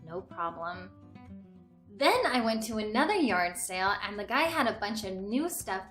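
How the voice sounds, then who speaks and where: A young woman hosting a casual vlog, gushing with excitement as she shows off her finds. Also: a little high. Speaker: host showing a thrift haul. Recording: echoey room, faint music.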